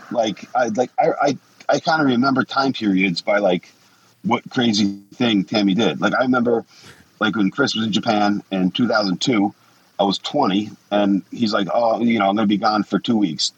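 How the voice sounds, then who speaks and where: Swearing often and acting out quotes, a blunt man in his forties shares casual, profane stories as a guest. He speaks at normal speed in a voice on the low side with a breathy edge, and the audio has its highs cut off.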